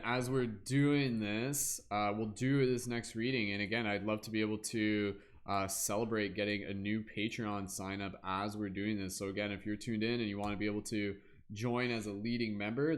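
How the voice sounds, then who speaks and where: A man hosting a tarot reading livestream, talking casually and loosely, filling pauses with fillers and hummed "da da da" sounds. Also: lowish voice.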